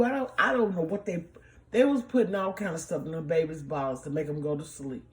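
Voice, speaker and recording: A middle-aged woman giving slow, emotional, emphatic commentary to her viewers. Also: sits low. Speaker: vlogger. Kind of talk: casual commentary. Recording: echoey room.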